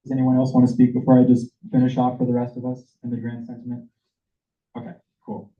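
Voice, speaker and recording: A man's voice: mid-range voice, completely flat delivery, fast. A man speaking casually at a senate meeting, loose and informal. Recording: distant, roomy, dull lo-fi sound.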